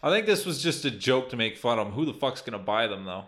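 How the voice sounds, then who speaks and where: A man's voice: mid-range voice, big pitch swings, quick pace, a bit bright. A man co-hosting a crude, casual podcast, swearing heavily and ranting with animation. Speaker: podcast co-host.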